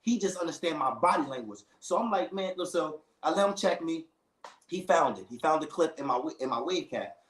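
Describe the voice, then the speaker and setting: A man telling a long story in casual chat, animated, full of slang, acting out the other people in it. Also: a little high, brisk, echoey room, rough recording.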